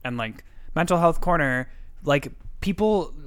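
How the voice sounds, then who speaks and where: A man's voice: on the high side, expressive, unhurried, a bit bright, smooth, no echo. Rambling crude man on a podcast. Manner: rambling, crude, full of "like" fillers. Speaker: podcast co-host. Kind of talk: casual comedic podcast chat.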